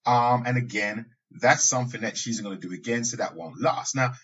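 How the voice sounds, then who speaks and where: A man's voice: medium pitch, a little fast, a bit bright, a little hiss or hum. A man hosting a podcast, talking in a casual, conversational monologue with asides and occasional laughs. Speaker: podcast host. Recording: dull lo-fi sound.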